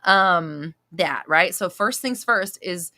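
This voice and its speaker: A woman's voice: on the low side, animated, slow, sharp tone. A woman hosting a live-stream Q&A as a manifestation coach, blunt and emphatic, repeating her points and swearing casually. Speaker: manifestation coach answering viewer questions.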